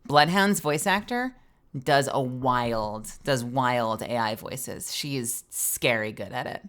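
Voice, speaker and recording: A woman streamer with a low voice talks shop about voice acting in a loose, animated way, swearing freely as she goes. She is a voice actor herself and explains the craft to her viewers in a casual live-stream chat. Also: slow pace.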